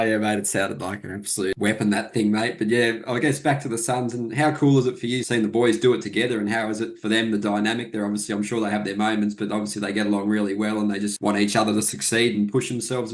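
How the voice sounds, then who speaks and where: Man interviewer, low flat voice, quick chummy delivery with long questions. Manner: enthusiastic, says "mate" often, long run-on questions. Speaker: podcast host, interviewer. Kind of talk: casual interview chat.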